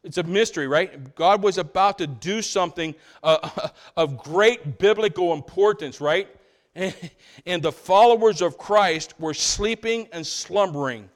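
A man preaching a sermon to his church, swinging between loud emphatic lines and hushed low passages, often asking the congregation rhetorical questions. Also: unhurried. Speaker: pastor.

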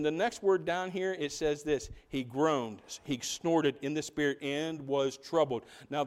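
With a slightly high voice, a man leads a sermon as pastor, full of animation. He throws rhetorical questions at his congregation and lowers his voice for quiet asides.

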